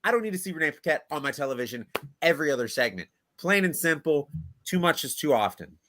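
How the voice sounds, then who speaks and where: A man's voice: on the high side, sing-song, fast talker, bright, forceful tone, dry recording. A man co-hosting a wrestling review chat, recapping bluntly and sounding exasperated. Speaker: podcast co-host. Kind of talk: casual chat.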